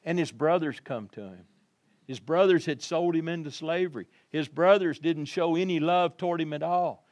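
A male pastor preaching a sermon, telling the story vividly and addressing his congregation, moving between quiet passages and loud emphasis. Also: on the high side, normal speed. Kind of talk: Easter sermon.

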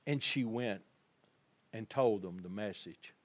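A male pastor preaching a sermon, telling the story vividly and addressing his congregation, moving between quiet passages and loud emphasis. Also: lowish voice, slow. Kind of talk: Easter sermon.

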